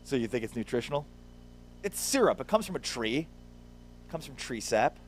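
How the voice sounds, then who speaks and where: A man's voice: medium pitch, very animated, fairly quick, slight background noise. Playful man hosting a radio show. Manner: playful, jokey banter with reads of sponsor spots. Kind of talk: casual sports radio chat. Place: radio studio.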